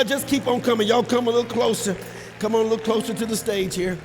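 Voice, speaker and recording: A male pastor giving a sermon altar call, urging the congregation to come forward with repeated calls that rise to shouting. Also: sits high, steady tone, fast talker, a crowd in the background. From Texas. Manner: rises to shouting at peaks. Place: large church sanctuary with balcony. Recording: live church sound with long reverb and soft music.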